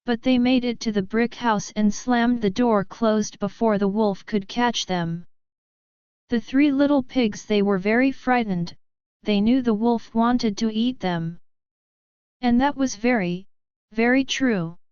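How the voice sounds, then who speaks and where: A woman narrating a children's story with deliberate, expressive storytelling. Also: fairly high pitch, clear, resonant tone, no room sound. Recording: dull lo-fi recording.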